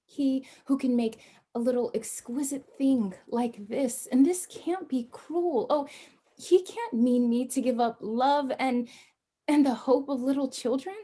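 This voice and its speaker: A woman playing a tender young mother in a stage play, speaking softly and achingly. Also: high voice, a little slow.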